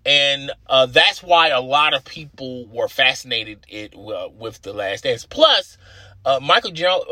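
Male podcast host, solo talk, chatty and rambling; bright, forward tone, dry close sound. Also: mid-range voice, dry recording. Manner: rambling, chatty, keeps asking "okay?". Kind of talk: casual solo podcast monologue.

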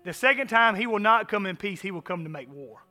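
A man preaching a sermon as pastor, animated, swinging from loud emphasis to hushed asides. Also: sits high, fairly quick, soft background music.

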